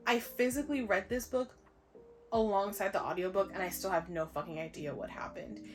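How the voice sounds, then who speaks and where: A young woman reviewing books in a casual vlog, blunt, sarcastic and quick to swear. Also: mid-range voice, soft background music. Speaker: book vlogger. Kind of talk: casual book review chat.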